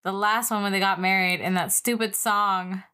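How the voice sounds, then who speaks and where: A woman's voice: mid-range voice, fairly even intonation, moderate pace, sharp tone, smooth. A young woman co-hosting a podcast, chatting casually and rambling with lots of "like.". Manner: rambling, heavy use of "like". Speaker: podcast co-host. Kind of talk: casual chat.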